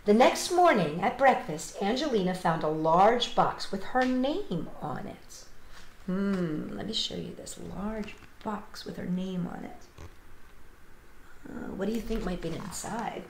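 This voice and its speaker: Animated woman reading a picture book. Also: medium pitch, a little hiss or hum. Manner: animated storyteller, chats to kids. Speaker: children's entertainer. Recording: roomy echo.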